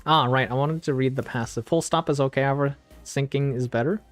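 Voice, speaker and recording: Medium in pitch and brisk in pace, a streamer offers casual let's-play commentary on a story game. They think out loud and laugh between lines, with faint game music in the background.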